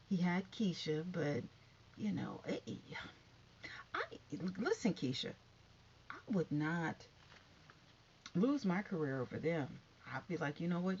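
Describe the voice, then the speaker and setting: A woman's voice: on the low side, slight background noise. Sassy woman gossiping in a lo-fi recording. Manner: chatty and sassy, drifting into hushed asides. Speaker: commentary vlogger. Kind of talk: casual gossip commentary.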